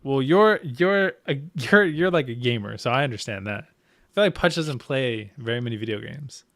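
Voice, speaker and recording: A man on a casual podcast asking questions in a halting way, restarting his phrases. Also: mid-range voice, lively intonation, fairly bright tone, dry recording. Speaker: podcast co-host.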